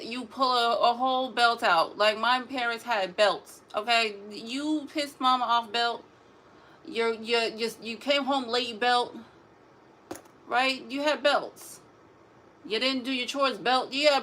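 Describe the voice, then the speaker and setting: Sassy animated woman, drawl. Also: a little high, slight background noise. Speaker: mother vlogging about parenting. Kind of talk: casual talk to camera.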